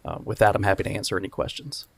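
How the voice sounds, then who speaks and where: A lower-voiced man speaks quickly, with very little rise and fall. He briefs a council on a loan in a brisk, businesslike way. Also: flat delivery, creaky, slightly rough. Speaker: bond counsel.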